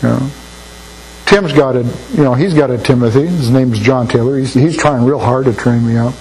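A man's voice: medium pitch, normal speed, a little mellow, poor audio. An older man preaching a sermon in a folksy, anecdotal way, often repeating words as he thinks. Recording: faint mains hum.

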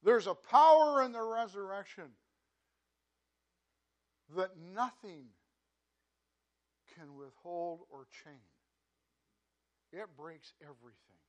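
A man preaching a sermon in a conversational way, often repeating words and saying "you know", swinging between loud emphasis and quiet asides. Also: high-pitched, expressive, takes it slowly, long pauses. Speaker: pastor.

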